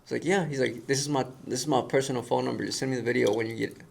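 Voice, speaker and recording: A man telling a story in casual conversation, animated and acting out the voices of the people in it. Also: medium pitch, rapid-fire, creaky. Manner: animated storyteller who acts out quoted voices. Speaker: guest.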